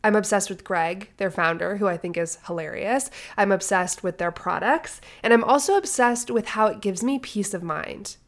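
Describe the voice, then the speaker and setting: A woman's voice: mid-range voice, moderate pace, few pauses. A woman co-hosting a podcast, her voice nasal and stuffy from a cold, chatting upbeat and casual. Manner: upbeat, chatty, fond of "like" and "obsessed". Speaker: podcast co-host. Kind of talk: casual podcast chat and host-read ad.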